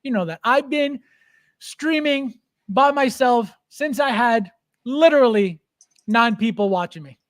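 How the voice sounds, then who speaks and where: A man's voice: very high-pitched, expressive, unhurried, fairly bright tone, dry recording. A man hosting a livestream, reading viewer comments aloud and answering them in a defiant, repetitive way. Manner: defiant, repeats phrases, talks back to chat. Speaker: livestream host.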